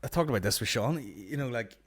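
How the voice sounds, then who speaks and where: A man's voice: mid-range voice, animated, fast talker, breathy edge. A young man with a Northern Irish accent hosting a podcast, rambling through sweary casual banter. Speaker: podcast host. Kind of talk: casual chat.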